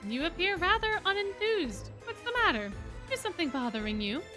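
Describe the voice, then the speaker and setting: A woman's voice: very high-pitched, big pitch swings, a little fast, pushed and bright, faint music behind, pitched above the performer's own voice, full character voice. A woman reading game dialogue as a mischievous, ancient male fae who teases with old-fashioned phrasing and giggles. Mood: teasing.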